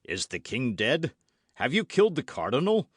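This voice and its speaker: Brief: composed, weary nobleman musketeer, a touch lower, voiced by a male narrator, dry. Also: wildly swooping pitch, husky, no echo. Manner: low, measured and composed. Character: calm, phlegmatic older male musketeer. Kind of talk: audiobook character voice.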